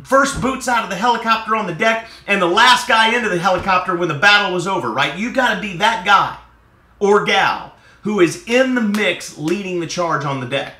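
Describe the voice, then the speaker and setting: A man's voice: a little high, pushed and bright. A man giving a conversational motivational talk on leadership, often checking in with "right?", in an echoey room. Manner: conversational, peppers lines with "right?". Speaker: motivational speaker.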